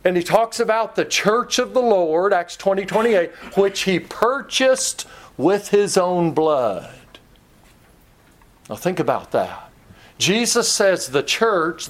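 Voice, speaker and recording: A man with a Kentucky accent preaching a sermon in a conversational way, teasing himself and acting out little scenes for the congregation. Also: on the high side.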